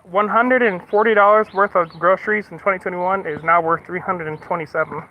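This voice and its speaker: A man's voice: sits high, steady tone, brisk, a little hiss or hum. A man from the United States in casual livestream chat, swearing freely as he rants and then apologizes. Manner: profane, ranting and then apologetic. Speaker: streamer. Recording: slightly muffled stream audio.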